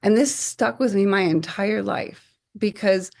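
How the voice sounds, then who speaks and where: A woman in her forties, a podcast guest, telling stories in an animated way, acting out quotes and often restarting her phrases. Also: mid-range voice, measured pace, vocal fry. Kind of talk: conversational podcast storytelling.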